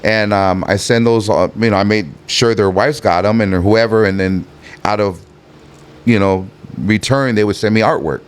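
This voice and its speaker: Smooth and lowish, this man's voice moves at a normal speed as he guests on a podcast. He's a rapper in his fifties from the LA harbor area, rambling through stories in a relaxed way, full of fillers and restarts.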